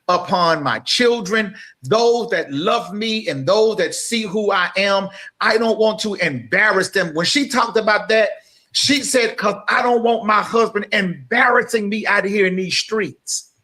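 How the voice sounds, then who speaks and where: Speaking in a fairly bright tone, a grown male podcast co-host with a high-set voice delivers impassioned, sermon-like talk. He is emphatic and direct, building his points and calling out to listeners as he goes.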